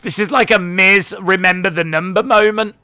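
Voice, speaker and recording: Male reaction host, bright forward tone, dry close sound, rambling casual delivery. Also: sits high, fairly even intonation, normal speed, smooth, dry recording. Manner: casual, musing, rambling with fillers and restarts. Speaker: watch-along host. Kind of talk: live reaction commentary.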